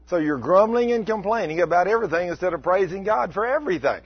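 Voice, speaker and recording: A man, preaching a folksy, animated sermon. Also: sits high, fast talker, breathy edge, no echo. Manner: folksy, animated, acts out mock complaints. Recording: dull lo-fi recording.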